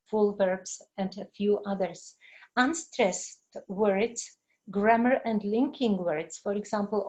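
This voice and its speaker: A woman's voice: on the high side, darkish tone, poor audio. A woman trainer giving an online teaching webinar, talking with many fillers and small apologies, in a non-native English voice on a computer microphone. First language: Czech. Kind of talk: webinar presentation.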